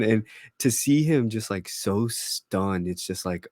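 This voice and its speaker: A man's voice: fairly low pitch, animated, slow, a little mellow, no echo, clean studio sound. A young man co-hosting a podcast, chatting about a TV episode in a laid-back, enthusiastic way. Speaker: podcast co-host. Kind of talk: casual review chat.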